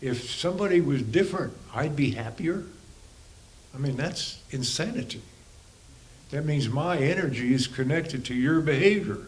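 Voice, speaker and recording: A man's voice: on the high side, animated, moderate pace, poor audio. A man who works as a spiritual teacher and counselor, giving a reflective talk to a congregation in a conversational, musing way, with rhetorical questions and the odd chuckle.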